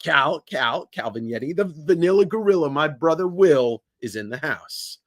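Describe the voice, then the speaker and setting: A man's voice: fairly high pitch, lively intonation, moderate pace, fairly bright tone, no echo, studio quality. A man hosting a live comic sale stream from an office, joking and greeting viewers by name. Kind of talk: casual livestream chat. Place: indoor office.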